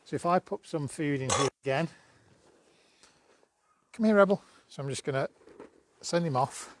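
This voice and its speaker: A man's voice: mid-range voice, a little fast, a bit bright. A man giving a dog-training demo on a live stream, chatty and coaxing, with bursts of praise for his dog.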